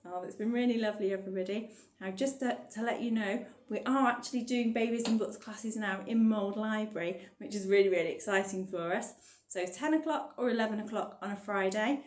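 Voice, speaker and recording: A woman's voice: medium pitch, fairly quick, darkish tone. A woman leading a baby rhyme-time class as a children's librarian, sing-song and encouraging. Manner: sing-song and encouraging, sings nursery songs. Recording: echoey room.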